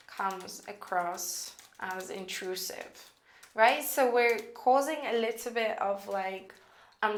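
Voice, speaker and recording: A woman teaching copywriting in a casual, chatty way, thinking out loud with lots of fillers as she walks through an email draft. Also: mid-range voice, reverberant. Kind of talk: casual screen-recorded lesson.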